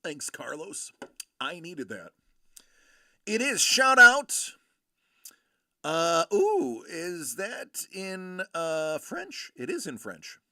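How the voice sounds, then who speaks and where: A man doing casual live-stream commentary while opening collectible cards, joking and reacting loudly. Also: high voice, wildly swooping pitch, extremely slow, pauses often, no room sound, studio quality.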